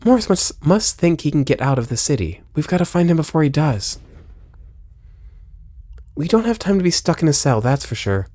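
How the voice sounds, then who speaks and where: A man commenting on a video game as he plays, joking and reading lines aloud, with loud exclamations and low mutters. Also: normal speed, pauses often, no echo. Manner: lively, jokey, swings between loud exclamations and low mutters. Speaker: gameplay streamer.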